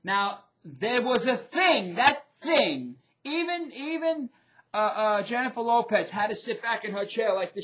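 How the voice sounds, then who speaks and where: A middle-aged man hosting his own show, ranting in a loud, profane, repetitive way. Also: very high-pitched, big pitch swings, measured pace, muffled recording. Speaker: show host. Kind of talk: ranting video commentary.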